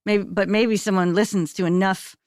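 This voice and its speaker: A woman's voice: mid-range voice, steady tone, moderate pace, darkish tone, no echo, clean studio sound. A woman co-hosting a comedy podcast in casual chat. She rambles through her thoughts and interrupts herself, tagging lines with "okay?". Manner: rambling, self-interrupting, keeps asking "okay?". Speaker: podcast co-host.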